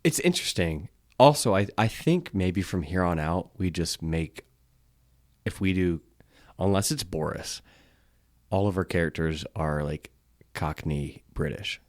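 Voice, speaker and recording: A man's voice: low voice, lively intonation, measured pace, no echo, studio quality. A man co-hosting a podcast in casual chat, laid-back, swearing now and then and restarting his words. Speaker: podcast co-host.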